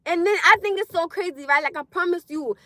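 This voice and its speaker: A young adult woman ranting bluntly on a casual livestream, animated and laughing often. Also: very high-pitched, a little fast, no echo. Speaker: livestream host.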